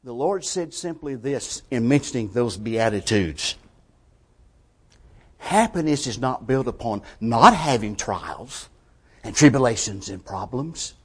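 A man's voice: mid-range voice, expressive, measured pace, slightly rough. Emphatic man preaching a sermon. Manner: emphatic, rhetorical questions, swings between quiet and forceful.

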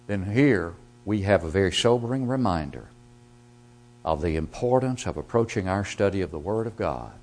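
A man preaching a sermon. He reads scripture aloud and explains it, moving from quiet, low passages to loud, emphatic rises.

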